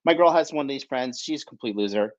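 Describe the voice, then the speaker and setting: A man's voice: medium pitch, expressive, fast, muffled recording. A man from the United States hosts a podcast, telling a rambling story in a blunt, profane way and tagging his sentences with "right?". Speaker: podcast host. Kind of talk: casual storytelling.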